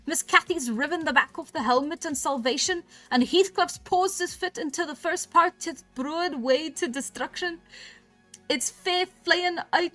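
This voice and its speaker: A woman voicing a surly, preachy old manservant who croaks in a slow, scolding mock rustic dialect. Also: extremely high pitch, pushed and bright, soft background music, pitched above the performer's own voice, exaggerated voice. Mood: alarmed tattling.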